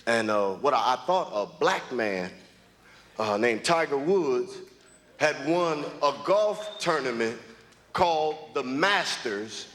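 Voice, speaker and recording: A man's voice: medium pitch, animated, takes it slowly, fairly bright tone. A man from the United States doing a stand-up comedy set on stage, talking in a drawling way with many fillers. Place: comedy club stage, live audience. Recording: live hall with crowd and noise.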